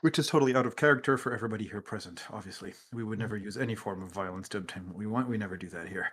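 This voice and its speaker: A man's voice: lowish voice, racing, a bit bright, husky. A man running a tabletop game on a stream, chatting casually with dry sarcastic jokes and frequent laughter, speaking into a computer mic. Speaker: game master. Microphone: computer mic on a video stream.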